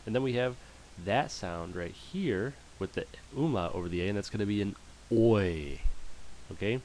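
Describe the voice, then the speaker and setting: Deep voiced guy slowly teaching german vowels over slides, says every word twice, light hiss. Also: expressive, a little mellow. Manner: slow, patient, repeats words for practice. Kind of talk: screen-share language lesson.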